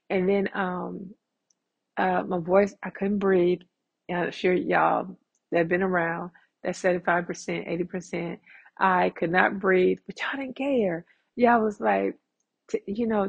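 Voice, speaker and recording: Husky, gravelly woman podcaster. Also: mid-range voice, lo-fi sound. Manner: chatty, addresses listeners as y'all. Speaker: podcast host. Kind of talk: casual solo podcast chat.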